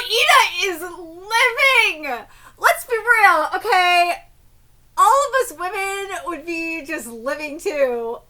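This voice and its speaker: High, bright-voiced woman reacting to manga. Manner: shrieks and squeals with excitement, laughs, swears casually; reads translated lines in a quieter, flatter voice between outbursts. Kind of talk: live reaction, reading aloud and reacting.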